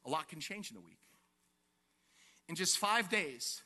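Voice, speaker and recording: A male pastor preaching an animated sermon to his congregation, asking them questions and acting out the scene. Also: a little high, unhurried, big-room sound. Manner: animated, asks the congregation questions and acts out quotes. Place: church sanctuary.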